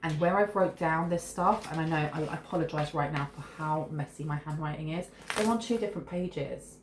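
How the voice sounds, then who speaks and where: A woman with a low voice, speaking a little fast, gives a chatty, rambling tarot reading, often restarting mid-word. She's recorded in an echoey room with faint noise.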